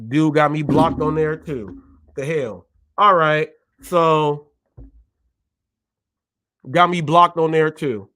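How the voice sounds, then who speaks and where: A man's voice: fairly high pitch, slow, pauses often, pushed and bright, no echo. A man hosting a gig-economy show, ranting with emphatic repetition and indignation. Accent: Californian English. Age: adult, a parent. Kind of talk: heated live commentary.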